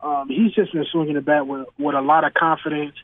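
Man, radio call-in, halting speech, muffled phone-line sound. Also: fairly high pitch, fairly even intonation. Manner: halting, many fillers and restarts. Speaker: caller. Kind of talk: call-in sports talk.

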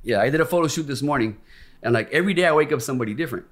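Fast-talking man telling a story. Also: medium pitch, animated. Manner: profane and candid, acts out quoted voices. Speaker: podcast guest. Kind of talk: casual storytelling.

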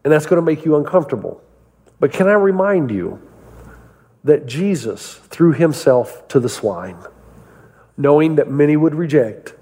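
A man preaching a sermon, telling stories and asking his listeners rhetorical questions in an animated way. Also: a little high, moderate pace, pauses often, long reverb tail, a little hiss or hum. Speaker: pastor.

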